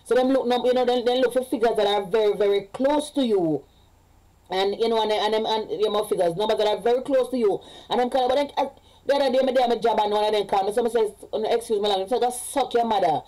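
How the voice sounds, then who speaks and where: A young Jamaican woman with a mellow, dark-toned voice talks straight to her viewers in a casual vlog. She rambles and restarts, often repeating words, and drifts between standard English and patois. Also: fairly high pitch, fast, poor audio. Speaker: vlogger.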